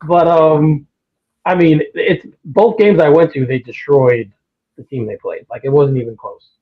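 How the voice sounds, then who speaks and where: A man's voice: on the high side, unhurried. A man co-hosting a casual sports talk show, opinionated and getting worked up as he talks. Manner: opinionated, gets worked up and animated. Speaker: podcast co-host. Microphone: remote call over a livestream. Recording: tinny phone-like line.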